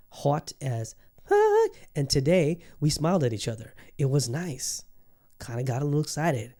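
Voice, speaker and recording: A man's voice: medium pitch, a little mellow. A man hosting a podcast alone, talking loosely with lots of fillers, swearing and restarts. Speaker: podcast host. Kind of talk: casual solo podcast monologue.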